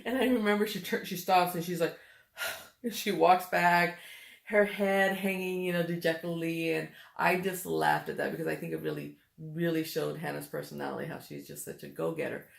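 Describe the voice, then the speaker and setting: A woman's voice: deep voice, fairly even intonation, normal speed, creaky. A middle-aged mother chatting casually and telling family stories, laughing easily as she talks. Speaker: vlogger, mother. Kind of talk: casual chat. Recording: echoey room.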